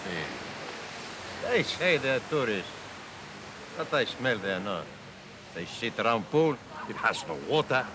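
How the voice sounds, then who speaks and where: A shrewd ex-policeman who feeds tips in halting English. His voice rises and falls with animation. Surf and open-air ambience sit behind him. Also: mid-range voice, very animated, background noise. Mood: conspiratorial. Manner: broken English, conspiratorial. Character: shrewd Spanish ex-policeman informant, sly.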